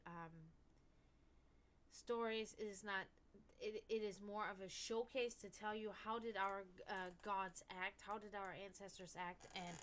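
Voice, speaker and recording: A woman hosting a stream and chatting casually and frankly, swearing often and rambling with many restarts, dropping to murmurs and then rising to loud outbursts. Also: mid-range voice. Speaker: stream host. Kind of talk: casual esoteric chat.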